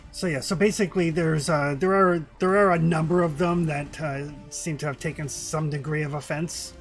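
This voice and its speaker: A man running a tabletop game, describing the scene casually and leaning on fillers like kinda and like. His voice sits a bit high, with faint music behind him. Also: fairly even intonation, moderate pace. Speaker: game master.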